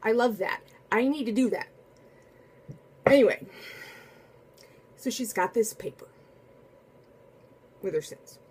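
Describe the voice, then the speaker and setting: A woman telling a casual spoken anecdote in a chatty, animated way, full of asides and restarts. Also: on the high side, slow, long pauses, husky. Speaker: storyteller.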